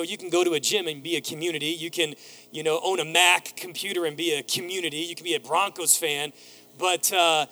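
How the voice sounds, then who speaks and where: A man in his thirties preaching a sermon as pastor, telling animated stories and acting out voices. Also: on the high side.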